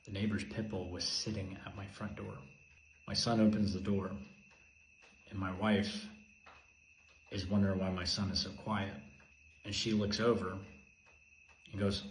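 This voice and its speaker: A man telling a personal story in an intense, repetitive way, moving from urgent emphasis to a hushed voice. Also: deep voice, level tone, measured pace, pauses often. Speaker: video host. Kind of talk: emotional personal monologue. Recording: echoey room with faint ambient noise.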